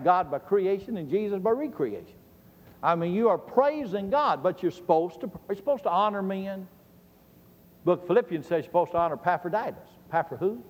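A middle-aged man teaching a Bible lesson sermon-style, emphatic and quizzing his listeners with questions he then answers. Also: sits high. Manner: emphatic, asks the audience questions and answers them. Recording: long reverb of a large hall.

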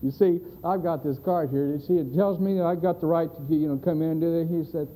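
A man's voice: a little high, fairly even intonation, fairly quick, warm tone, slight background noise, poor audio. A man preaching a sermon, telling a folksy joke and acting out the voices. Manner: folksy storyteller, drawling, acts out voices.

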